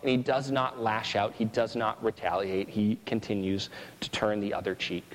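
A man's voice: lowish voice, flat delivery, normal speed, long reverb tail, slight background noise, poor audio. A man preaching a sermon, earnestly explaining scripture and asking "right?" again and again. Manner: earnest, repeats "right?" often.

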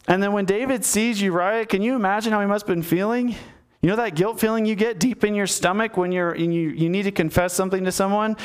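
A man's voice: high voice, fast talker, clean tone. A man giving a sermon in a conversational storytelling manner, talking to his listeners directly. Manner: conversational storytelling, acts out the characters. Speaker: preacher.

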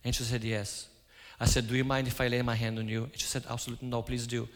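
A man's voice: medium pitch, flat delivery, fast talker. A man giving a sermon, telling stories and acting out his own quoted lines. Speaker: preacher. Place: church. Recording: hall reverb.

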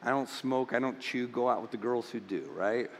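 A man's voice: mid-range voice, normal speed, in a large hall. A man preaching a sermon as pastor, stammering into restarts and building to fervent emphasis.

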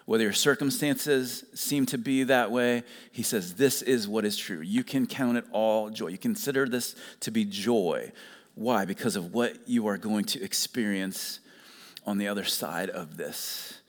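A man's voice: lowish voice, measured pace, in a large hall. A man preaching a sermon as pastor, earnest and emphatic, stressing the key phrases again and again.

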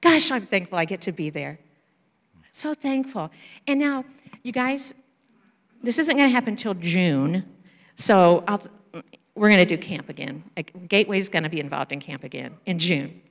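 A woman missionary sharing stories in a church talk, animated and acting out children's voices. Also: lowish voice, moderate pace, gravelly, pauses often. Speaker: missionary speaker. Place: church sanctuary. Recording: reverberant church hall.

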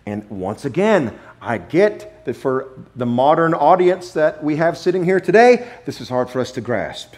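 A man preaching a sermon, emphatic, repeating key phrases and swinging between loud declarations and hushed asides. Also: a little high, very animated, normal speed, few pauses. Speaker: pastor.

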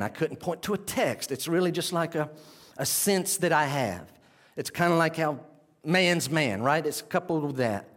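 A man preaching a sermon, talking straight to the congregation and swinging between loud emphasis and quiet intensity. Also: on the high side. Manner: conversational, addresses the congregation directly.

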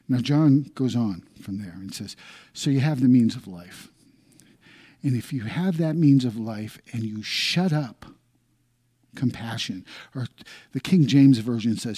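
Man, middle-aged, pastor, sermon, husky voice, warm mellow tone, loud to hushed swings. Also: mid-range voice. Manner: swings between loud emphatic lines and hushed near-whispers.

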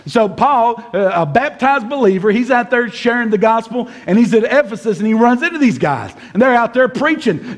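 A high-voiced man preaches to his congregation. He tells the story in an animated way and acts out the figures as he goes. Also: normal speed, few pauses. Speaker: pastor. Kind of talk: sermon. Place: church service before a congregation.

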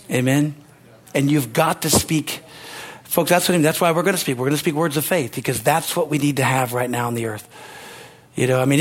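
A male pastor delivering an emphatic sermon, his voice pitched high with a husky, breathy edge. He repeats lines for emphasis and drops in amens and hallelujahs, building to ringing exclamations. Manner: emphatic preaching with rising exclamations.

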